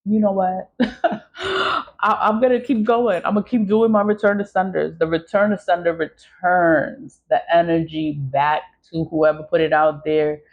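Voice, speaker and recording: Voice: mid-range voice, normal speed. Vlog host, blunt and emphatic, swears freely, mid-range voice, slightly muffled audio. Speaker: content creator. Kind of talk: casual vlog monologue.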